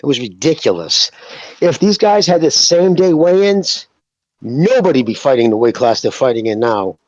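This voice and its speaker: A man's voice: mid-range voice, big pitch swings, normal speed, darkish tone, no echo, lo-fi sound. A man co-hosting a podcast in casual chat, ranting heatedly with plenty of swearing. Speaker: podcast co-host.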